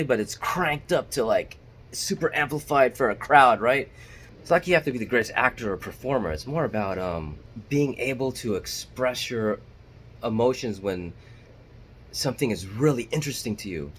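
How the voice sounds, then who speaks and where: A man's voice: medium pitch, slight background noise. A man talking casually to his camera as a vlogger, candid and self-deprecating.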